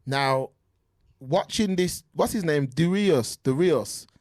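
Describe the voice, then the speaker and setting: A man chats about sports on a podcast over a remote call. His voice sits a little high and the sound is dry. He talks in an animated way, often restarting his sentences. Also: a little slow, no echo. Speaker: podcast co-host. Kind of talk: casual sports chat. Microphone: remote call mic.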